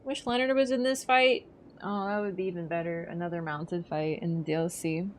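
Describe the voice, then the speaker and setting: A woman's voice: fairly low pitch, fairly quick, a little hiss or hum. Chatty young woman streaming a game. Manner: chatty, rambling and excitable, with sudden swearing outbursts. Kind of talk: live gameplay commentary. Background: game music.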